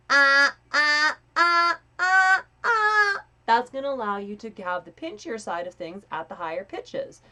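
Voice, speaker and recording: A young woman with a mid-range voice leads a live voice training lesson, chatting casually and swearing freely. She demonstrates breathy and pinched sounds as she coaches.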